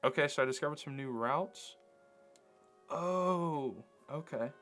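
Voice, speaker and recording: A man's voice: fairly high pitch, slow pace, a bit bright. A man playing a story game, thinking aloud with fillers and reading the on-screen text in casual commentary. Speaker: let's play gamer. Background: faint game music.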